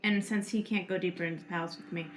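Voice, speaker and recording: A woman's voice: fairly low pitch, fairly even intonation, fast talker. A woman playing a tabletop game, answering in character with short, frank replies. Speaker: player. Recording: clear background music.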